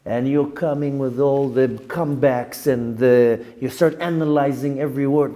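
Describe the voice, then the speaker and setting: A middle-aged rabbi delivers a candid, self-questioning spoken lesson, his voice now and then jumping high on a repeated question. He has a dark-toned male voice and speaks fairly quickly.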